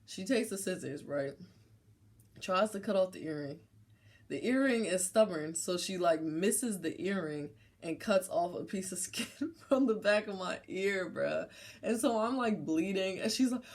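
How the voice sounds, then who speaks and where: A young adult woman vlogger telling a personal story in a casual, slangy, animated way. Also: medium pitch, normal speed.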